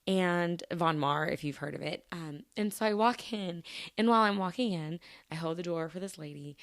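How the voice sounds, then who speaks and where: A woman with a deep voice and vocal fry hosts a solo podcast, recorded dry with clean studio sound. She chats casually, rambling through everyday stories and restarting often.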